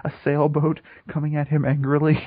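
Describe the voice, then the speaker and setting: A man's voice: fairly high pitch, monotone, brisk, slightly rough, dry recording. A man co-hosting a podcast in casual comedic chat, dry and sarcastic, swearing. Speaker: podcast co-host. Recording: dull lo-fi audio.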